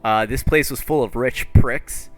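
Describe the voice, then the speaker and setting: A man's voice: medium pitch, measured pace, faint music behind, natural voice. A man voicing a friendly, laid-back young man who drawls in casual slang. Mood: easygoing.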